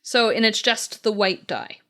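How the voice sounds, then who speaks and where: Slow, hesitant woman player. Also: mid-range voice, lively intonation, sharp tone. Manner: hesitant, many ums. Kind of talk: tabletop game play.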